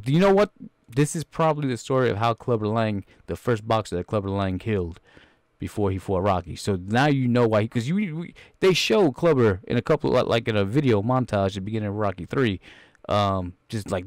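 A man's voice: expressive, a little fast, no echo, clean studio sound. Rambling foul-mouthed man on a podcast. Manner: rambling, swearing, acting out characters in high voices. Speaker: podcast host. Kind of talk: profane movie reaction riff.

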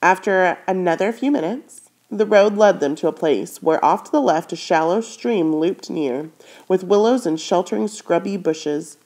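A woman's voice: fairly low pitch, normal speed, a little mellow. Woman reading a novel aloud, commenting. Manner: stops to comment, corrects slips. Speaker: reader.

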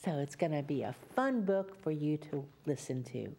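Sing-song storyteller woman from Louisiana, lively. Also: low voice, normal speed, breathy edge. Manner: sing-song, coaxing, speaks to young children. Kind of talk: children's story time reading.

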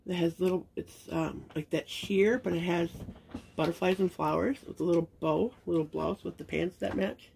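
Gravelly, soft-spoken woman gushing over baby clothes. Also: on the low side, moderate pace, a little hiss or hum. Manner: gushing and sentimental, soft-spoken with frequent fillers. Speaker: reborn doll collector and channel host. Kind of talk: casual unboxing chat to viewers.

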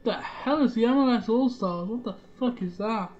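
A woman's voice: a little high, moderate pace, a little mellow, lo-fi sound. A woman giving casual let's-play commentary, rambling and muttering to herself and swearing now and then. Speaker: gaming channel host.

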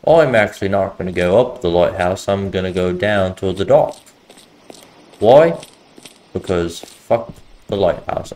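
Man, low voice, casual let's-play commentary, jokey muttered reactions. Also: a little mellow, a little hiss or hum. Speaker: gaming video host.

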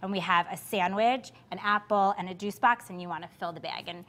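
Cheerful female guest, mid-pitched, explains rules with a giggle. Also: brisk, fairly bright tone. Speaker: guest blogger. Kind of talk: casual studio chat. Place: TV studio kitchen set.

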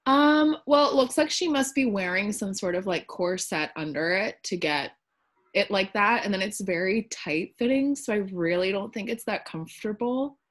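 A woman's voice: medium pitch, moderate pace. A female student answering a teacher's questions in an online class, briefly and tentatively, often starting with um. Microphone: video call.

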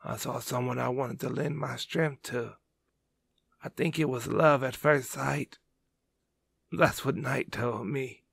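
A man voicing a dying young swordsman who speaks softly and tenderly. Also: mid-range voice, steady tone, takes it slowly, exaggerated voice. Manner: soft, hushed and breathy. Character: dying young male swordsman, gentle and loving.

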